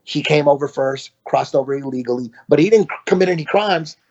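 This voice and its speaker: A man guest in a casual podcast conversation, telling a rambling story, quoting himself in asides and filling pauses with lots of ums and uhs. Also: a little high, a little mellow. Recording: dull lo-fi podcast audio.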